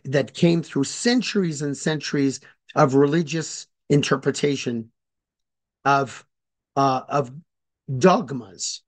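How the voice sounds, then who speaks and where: Male lecturer, slightly high voice, unhurried and halting, explains carefully and spells words out. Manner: hesitant and deliberate, many fillers and restarts. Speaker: speaker on religious history. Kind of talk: informal lecture.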